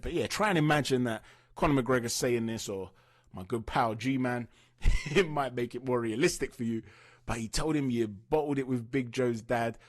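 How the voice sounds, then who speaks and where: Husky-voiced man talking boxing news. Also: medium pitch. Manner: chatty, opinionated, asks viewers for their views. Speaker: boxing channel host. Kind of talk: casual boxing news commentary.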